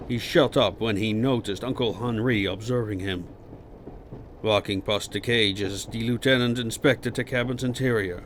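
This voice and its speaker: A man reading an audiobook in a measured, dramatic narration. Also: on the low side, a bit bright, slight background noise. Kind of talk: scripted narration.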